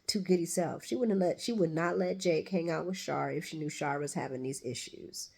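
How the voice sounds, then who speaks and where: A woman's voice: low-pitched, moderate pace, gravelly, a little mellow, breathy edge. A woman giving a blunt, casual recap of a soap opera, talking back at the characters and swearing freely.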